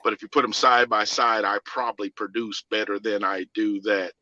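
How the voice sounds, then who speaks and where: A man with a Southern US accent, a singer and producer, telling stories in a casual interview with lively laughs and many restarts. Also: lowish voice, normal speed, dry recording, highs cut off.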